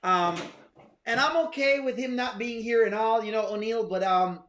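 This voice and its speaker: A man's voice: high voice, moderate pace, reverberant. A man putting on a coy, hesitant woman. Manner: hesitant, rambling, soft. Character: woman hinting her man moved out.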